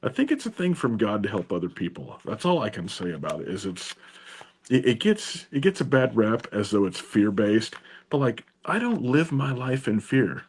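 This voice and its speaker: A male guest in a casual conversation, talking in a relaxed, thoughtful way and often restarting his sentences. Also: on the low side, moderate pace, slight background noise.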